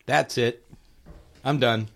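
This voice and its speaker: A man co-hosting a podcast, chatting casually while snacking, animated and laughing often. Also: medium pitch, slow pace, creaky, a little hiss or hum. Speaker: podcast co-host.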